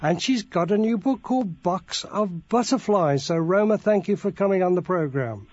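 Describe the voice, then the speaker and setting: An older man with a softened Birmingham accent, hosting a radio interview in an affable way. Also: high-pitched, lively intonation, normal speed, no room sound, dull audio. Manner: affable, laughs along with his guest. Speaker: host.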